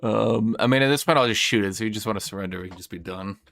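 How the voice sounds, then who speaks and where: A man's voice: on the low side, very fast, vocal fry, fairly bright tone. A man playing a tabletop wargame, thinking aloud, counting dice and swearing at his own mistakes. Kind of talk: casual play commentary.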